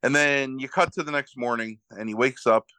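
A man's voice: mid-range voice, fairly even intonation, moderate pace, sharp tone, clear, resonant tone, dry recording. A man co-hosting a podcast, retelling a movie's plot in casual, rambling chat full of fillers and self-corrections. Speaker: podcast co-host recapping a movie.

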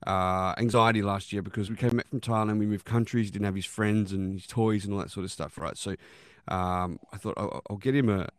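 A man's voice: lowish voice, fairly even intonation, brisk, few pauses, no room sound. A man hosting a casual podcast chat, rambling through stories and swearing freely. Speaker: podcast host.

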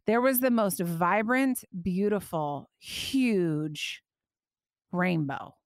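On her faith podcast, a female host recounts a personal experience with emotional animation, drawing out words and pitching up as she repeats her prayers. The recording is dry and of studio quality.

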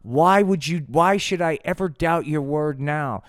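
A man's voice: a little high, unhurried, dry recording, studio quality, close to an everyday voice. A man voicing a trusting, gushing wife who talks in an earnest, old-fashioned, wide-eyed way.

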